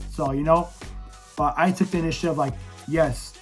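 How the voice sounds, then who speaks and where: Hoarse, fired-up young man, slightly high voice. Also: steady tone, normal speed, faint music behind. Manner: blunt, profane, fired-up. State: hoarse from yelling. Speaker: vlogger reviewing an event. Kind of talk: casual candid monologue.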